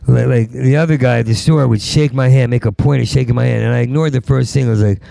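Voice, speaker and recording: Middle-aged male comic, rambling profane rant, heavy stutter; gravelly, dry. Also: mid-range voice, fairly even intonation, fast, mellow, no echo. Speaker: stand-up comedian. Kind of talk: rambling stand-up monologue.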